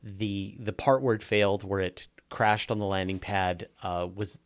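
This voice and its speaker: A man with a Canadian accent co-hosting a podcast, talking casually and relaxed, often restarting phrases. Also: on the low side, moderate pace, clean tone. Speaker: podcast co-host. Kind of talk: casual chat.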